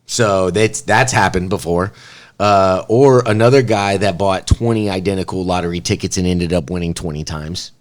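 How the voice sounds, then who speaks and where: A young man with a lowish voice co-hosts a casual podcast and reads odd news items aloud. He jokes crudely and bursts into loud, animated laughter. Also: moderate pace. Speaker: podcast co-host.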